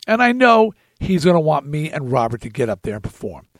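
Guy hosting a podcast, emphatic storyteller, kinda high voice, dry close sound. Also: very animated, a little fast, dry recording. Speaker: podcast host. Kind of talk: storytelling chat.

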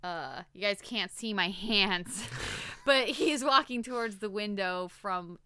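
A woman's voice: medium pitch, slow pace, bright, forceful tone, smooth, no room sound. A woman co-hosting a podcast, discussing a show's villain in enthusiastic, analytical casual chat. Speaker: podcast co-host. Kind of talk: casual chat recapping a show.

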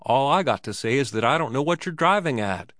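A man's voice: mid-range voice, lively intonation, a little fast, a bit bright, dry recording, voice pushed up, lightly acted. Sulky young guy, defensive, kinda crude talk, man doing it, dry recording. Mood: aggrieved. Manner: defensive, aggrieved, crude speech. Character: sullen young man, the innkeeper's son.

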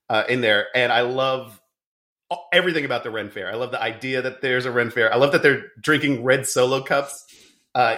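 A man hosting a podcast, chatting in an animated, quick way with many fillers. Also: mid-range voice. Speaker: podcast host. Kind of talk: casual chat.

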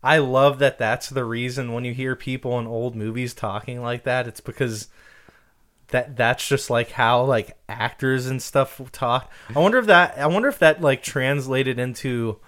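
A man's voice: medium pitch, moderate pace, fairly bright tone. Jokey man co-hosting a podcast. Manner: jokey, laughs often, many fillers. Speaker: podcast co-host. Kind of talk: casual chat.

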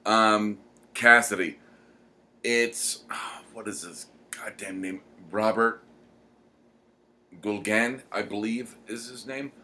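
A man co-hosting a podcast, chatting casually and rambling with many pauses. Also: lowish voice, steady tone, sharp tone. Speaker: podcast co-host. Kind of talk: casual chat.

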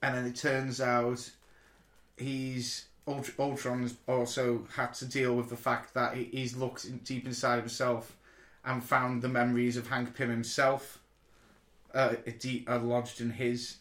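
Male podcast co-host, mid-pitched, excitable storyteller, echoey room. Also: unhurried. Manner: excitable, animated recounting of a comic plot. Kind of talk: casual chat.

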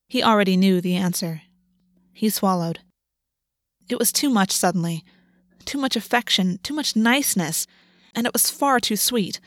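A woman narrating a fantasy novel in an even, measured reading. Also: mid-range voice, dry recording, studio quality. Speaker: audiobook narrator.

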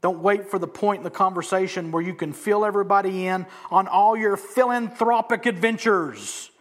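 A man preaching a sermon in a conversational, joking way, hitting some words hard and dropping others to near whispers. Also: high voice. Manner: emphatic, swinging between loud stresses and soft asides. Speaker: pastor.

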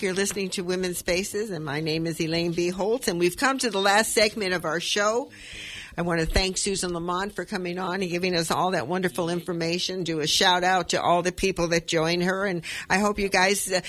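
A woman in her eighties hosting a radio show, reminiscing in a halting way with many restarts and reading her own poetry slowly and with feeling. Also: fairly low pitch, a bit bright. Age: 80s. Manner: slow, heartfelt poetry recitation.

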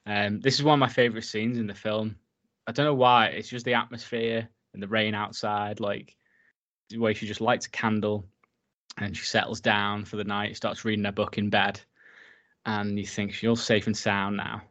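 Chatty man, low voice, lo-fi. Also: level tone, moderate pace, fairly bright tone. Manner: enthusiastic, swears freely, lots of fillers. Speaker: podcast co-host. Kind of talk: casual film recap chat.

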